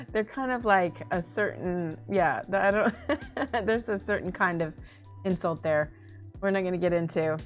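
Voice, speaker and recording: Woman, casual painting livestream, laughs a lot, thinks aloud, low voice. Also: takes it slowly, long pauses, faint music behind. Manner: giggly, chatty, thinks aloud. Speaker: miniature painting streamer.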